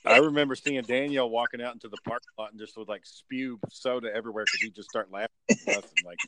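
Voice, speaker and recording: A man's voice: medium pitch, steady tone, fast, a crowd in the background. A man hosting a podcast, chatting in an easygoing, laid-back way. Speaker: podcast host. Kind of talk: casual chat.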